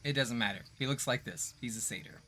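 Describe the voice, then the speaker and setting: A man at mid pitch narrating a tabletop game as game master. He talks in a relaxed, rambling way and fills his sentences with ums and likes. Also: fast. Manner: relaxed, rambling, lots of fillers.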